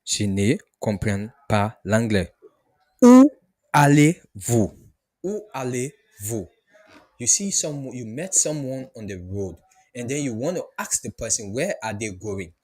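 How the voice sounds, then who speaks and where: A man teaching beginner French, who says each phrase slowly and repeats it before explaining it. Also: on the low side, expressive, husky. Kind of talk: beginner language lesson.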